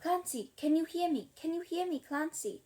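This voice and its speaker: A woman's voice: sits high, normal speed, darkish tone, close to an everyday voice. A woman reading aloud, voicing a plucky young female detective with a raised, pleading voice. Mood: desperate. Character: plucky girl detective, urgent and brave.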